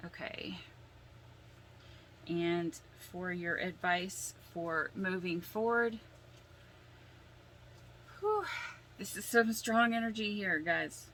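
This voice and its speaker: A woman reads tarot cards in a casual, heartfelt way, often pausing to sigh and steady herself against tears. Her voice sits a little low and she takes her time over every phrase. A faint hiss of noise sits under the recording. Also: poor audio. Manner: slow, emotional, sighing and holding back tears. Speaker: tarot reader.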